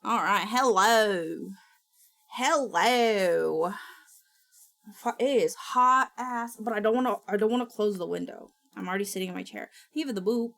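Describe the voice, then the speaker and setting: A woman's voice: mid-range voice, fairly even intonation, fairly quick, vocal fry, hardly any pauses, fairly bright tone. A woman streamer chatting casually on a livestream, muttering to herself, reading instructions aloud and swearing now and then.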